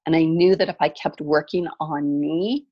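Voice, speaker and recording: A middle-aged woman from California, a guest telling her story in a reflective way with many soft pauses. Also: low voice, steady tone, highs cut off. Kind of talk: personal storytelling in conversation.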